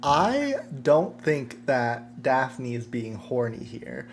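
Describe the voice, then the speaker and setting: A man's voice: mid-range voice, very animated, takes it slowly, a little hiss or hum. A man co-hosting a film podcast, offering his take thoughtfully with lots of "like" fillers. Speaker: podcast co-host. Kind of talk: casual film discussion.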